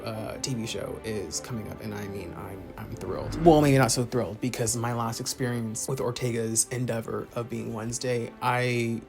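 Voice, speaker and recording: A young man ranting through a casual pop-culture commentary, theatrical and profane, swinging between muttering asides and loud outbursts. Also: mid-range voice, gravelly. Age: young adult. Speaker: commentary vlogger.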